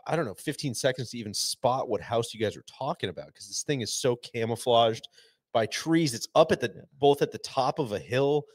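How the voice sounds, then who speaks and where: A man co-hosting a podcast in casual chat, enthusiastic and quick to laugh. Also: medium pitch, lively intonation, no echo. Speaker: podcast co-host.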